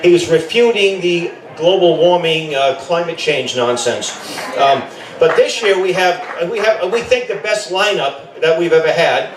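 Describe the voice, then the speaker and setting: A man's voice: fairly high pitch, unhurried. A middle-aged man, a camp director, gives an informal rally speech. He rambles, corrects himself often and adds joking asides. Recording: echoey, voice from a distance.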